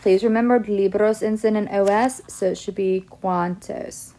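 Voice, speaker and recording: A woman's voice: medium pitch, steady tone, normal speed, dark tone. A woman teaching a Spanish lesson to her students, reading out example sentences and explaining each answer step by step. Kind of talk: classroom lesson video.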